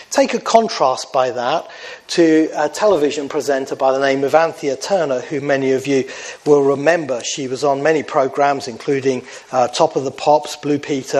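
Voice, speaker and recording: A man's voice: mid-range voice, a little mellow. A middle-aged man preaching a sermon to his congregation, earnest, often putting questions to his listeners. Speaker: pastor.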